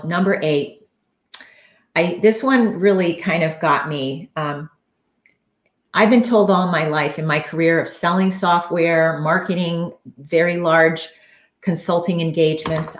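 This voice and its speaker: A woman's voice: sits low, moderate pace, reverberant. A woman coach giving an earnest, conversational solo talk on a live stream, with frequent fillers.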